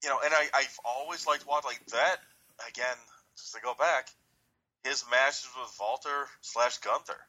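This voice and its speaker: A man co-hosting a casual wrestling chat, easygoing, with quick agreeing asides. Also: medium pitch, bright, forceful tone, low-quality recording. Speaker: podcast co-host.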